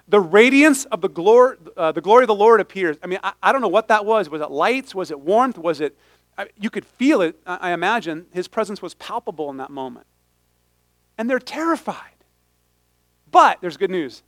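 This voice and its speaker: A man preaching a sermon in an animated, humorous way, often stopping and restarting his sentences. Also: high voice, no room sound. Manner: animated, humorous, self-interrupting. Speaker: pastor.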